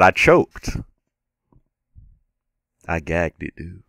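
Drawling gamer guy, pitch all over. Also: wildly swooping pitch, slow pace, pauses often. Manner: self-critical, swings from low muttering to sudden yells; slangy and casual. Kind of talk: live gameplay commentary.

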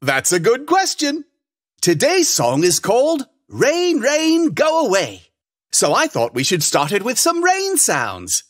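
A woman's voice: a little high, wildly swooping pitch, slow pace, exaggerated voice. A woman playing a cheerful male frog who hosts a preschool sing-along and quizzes children. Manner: cheerful, asks children questions. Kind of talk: preschool video hosting.

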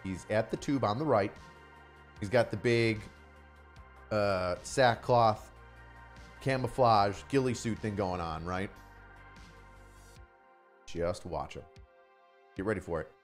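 A man's voice: on the low side, takes it slowly, long pauses, soft background music. A man giving profane, mocking live-stream commentary on a news video, often bursting into laughter.

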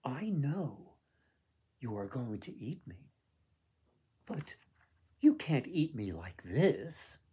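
A man reading a clever, calm young girl. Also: medium pitch, takes it slowly, pauses often, breathy edge, full character voice. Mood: coaxing.

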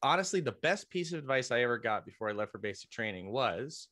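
A man's voice: medium pitch, lively intonation, quick pace, sharp tone. Rambling man telling a story. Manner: rambling, with frequent restarts and self-corrections. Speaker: podcast guest, military veteran. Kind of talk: casual storytelling in a podcast interview.

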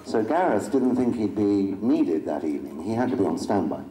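A man's voice: fairly low pitch, lively intonation, moderate pace, dark tone. A middle-aged man joking wryly as a convention panel guest before an audience. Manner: wry, dry self-mocking humor. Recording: echoey hall with crowd noise.

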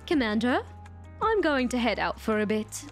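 A woman voicing a reserved young woman with an attempted British accent, giving quiet, clipped replies. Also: on the high side, big pitch swings, measured pace, faint music behind.

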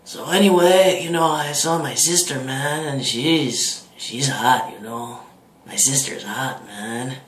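A man's voice: medium pitch, slow pace, a bit bright, slight background noise. A man doing an impression of a laid-back stoner man who drawls and tacks "man" onto almost every phrase, in an echoey room. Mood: mumbling.

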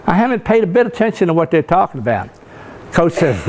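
A former football coach, now an older guest speaker from Richmond, Virginia, gives a leadership talk full of folksy stories that poke fun at himself. His voice is slightly higher than most men's, very animated and a little fast, and he keeps checking in with "okay?"

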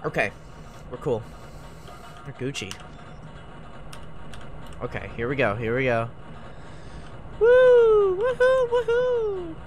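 A young man streams a video game, giving live commentary in an unhurried mid-range voice with frequent pauses. He swears often and erupts in frustration at the game, and the recording sounds muffled.

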